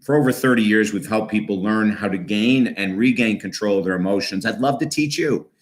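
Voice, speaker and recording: A middle-aged man, a counselor and self-help host, talking straight to his audience in an earnest, coaching way and often checking in with a quick "right?". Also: lowish voice. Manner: earnest, coaching, repeats key points with rhetorical "right?". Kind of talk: direct-to-camera advice talk.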